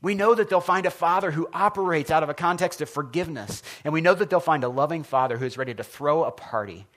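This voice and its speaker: A man preaching a sermon as pastor, earnest and expressive, often asking his listeners questions. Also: a little high, fast.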